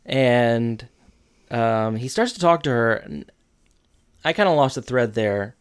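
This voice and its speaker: A man in casual chat, retelling a TV episode in a relaxed way with fillers and quick quoted asides. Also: mid-range voice, clean tone.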